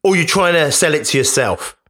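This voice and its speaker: A man's voice: fairly high pitch, animated, a little fast, a bit bright. A man hosting a podcast, speaking in an emphatic, conversational motivational monologue that often repeats itself. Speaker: podcast host.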